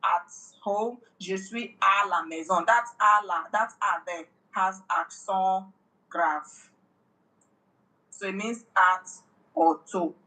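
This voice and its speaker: Woman tutoring French, patient and clear. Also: medium pitch, slow, bright, forceful tone, low-quality recording. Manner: patient, instructive, repeats and checks understanding. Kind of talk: one-on-one language lesson.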